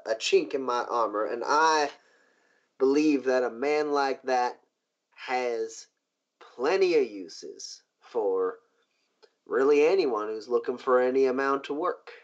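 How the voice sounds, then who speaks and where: A man voicing a smooth, scheming riverboat boss who drawls his offers slowly with hesitant pauses. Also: medium pitch. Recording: dull lo-fi recording.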